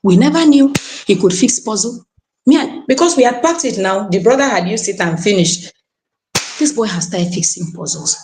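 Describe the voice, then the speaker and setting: Brief: Nigerian-accented woman, mid-pitched, exclamatory live-stream testimony, addresses her coach often, drops into pidgin phrases. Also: expressive, moderate pace, noisy background. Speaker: podcast guest sharing a testimony.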